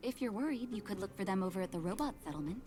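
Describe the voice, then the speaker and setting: A woman voicing a calm, caring woman who reassures others in video game dialogue. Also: mid-range voice, rapid-fire, lightly acted.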